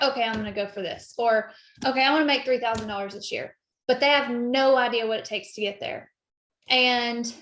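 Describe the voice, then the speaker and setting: A woman leads a casual team call, encouraging and quick to get emotional. Her voice sits a touch high, and the room gives it a noticeable echo. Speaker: team leader hosting a call.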